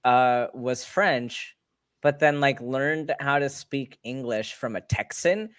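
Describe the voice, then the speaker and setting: A man from Colorado chatting on a call, thinking out loud and circling his point. His middle-pitched voice comes through close and dry. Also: takes it slowly, smooth, dry recording. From Colorado, USA. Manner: thinking aloud, many "like" fillers. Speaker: voice actor guest. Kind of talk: casual group chat.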